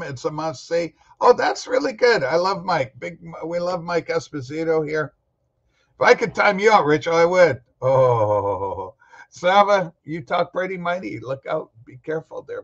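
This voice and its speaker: Casting note: rambling, jokey male livestream host, slightly high voice, muffled lo-fi audio. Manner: rambling, jokey, talks back to chat commenters. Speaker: host of a record-collecting livestream. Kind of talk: casual live-chat talk.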